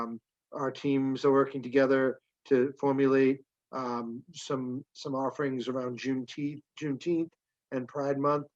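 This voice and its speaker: A man reporting to a school committee at a public meeting, halting with many fillers and restarts, his voice wearing out. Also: mid-range voice, a little mellow. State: losing his voice. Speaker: school superintendent. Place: town meeting room. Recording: dull lo-fi meeting recording.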